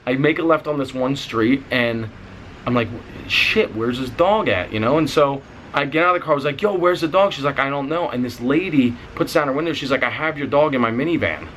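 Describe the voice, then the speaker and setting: Young man, casual vlog storytelling, animated, mid-pitched voice, faint hiss behind. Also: brisk, low-quality recording. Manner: animated, rising in pitch when excited; swears casually. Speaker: vlogger.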